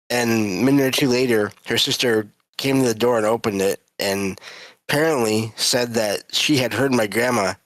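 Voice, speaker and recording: A man's voice: medium pitch, a bit bright, no room sound, poor audio. A man telling a family story as a caller, with many fillers as he goes.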